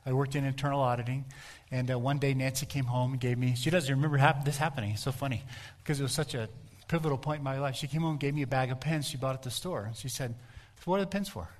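A middle-aged man preaching a sermon in a mid-pitched voice. He talks in a relaxed, conversational way. He tells stories and asks his listeners direct questions. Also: quick pace. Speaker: pastor.

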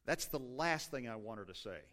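A man's voice: medium pitch, expressive, fairly quick, a bit bright. A middle-aged man preaching a sermon in a conversational, self-deprecating way, stopping often to restart his sentences. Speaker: pastor.

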